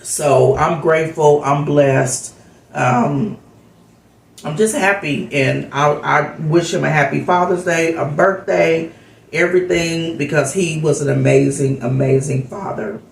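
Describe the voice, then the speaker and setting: Woman host, gravelly, heartfelt rambling chat, a bit far from the mic. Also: low-pitched, measured pace, a little hiss or hum. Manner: rambling, heartfelt, lots of fillers. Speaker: vlogger host. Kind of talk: casual storytelling chat. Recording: echoey room, off-mic.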